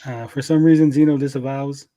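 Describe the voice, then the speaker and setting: A man's voice: mid-range voice, steady tone, fairly quick, mellow, dull audio. A man hosting a casual stream chat, laid-back and reading chat comments aloud with casual swearing. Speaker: podcast host.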